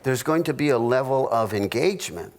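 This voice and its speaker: Delivering a funny sermon to a marriage class, this middle-aged pastor speaks at medium pitch with lively intonation and a darkish tone. His stories stop and restart haltingly, peppered with jokey asides.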